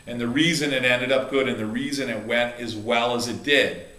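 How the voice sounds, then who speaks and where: A man's voice: mid-range voice, fairly even intonation, moderate pace, pushed and bright, roomy sound. A middle-aged man, a chiropractor and coach, telling a heartfelt story in a rambling way, with many restarts and fillers. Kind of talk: casual video talk.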